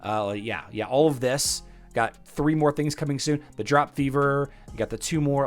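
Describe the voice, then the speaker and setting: A man's voice: mid-range voice, normal speed, faint music behind. A man hosting a game channel, giving an eager, rambling sponsored game guide with restarts.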